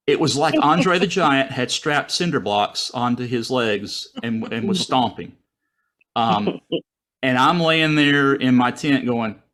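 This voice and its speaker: A man in a relaxed, chatty storytelling mode, talking over a video call. He jumps into a higher, livelier voice whenever he plays out his own thoughts from the story. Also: takes it slowly. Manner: animated, acts out his own thoughts in a raised voice. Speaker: guest storyteller. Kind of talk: casual personal storytelling.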